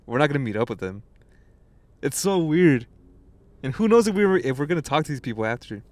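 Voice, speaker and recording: A man's voice: medium pitch, very animated, fairly quick, dry recording. A young man co-hosting a podcast, chatting casually and rambling, with frequent restarts and plenty of swearing. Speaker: podcast co-host. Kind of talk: casual chat.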